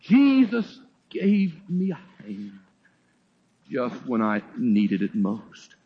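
A man's voice: wildly swooping pitch, drawn-out words, husky, exaggerated voice. A preacher voicing a humble reformed drinker man. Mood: tender. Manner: soft, low and tender next to the preacher's narration. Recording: dull lo-fi sermon recording.

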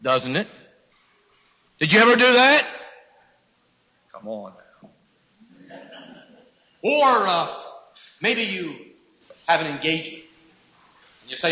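A man's voice: high voice, sing-song, takes it slowly, long pauses, sharp tone. A man preaching a sermon, emphatic and full of rhetorical questions, mimicking irritated husbands. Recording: echoey hall reverb, cassette recording.

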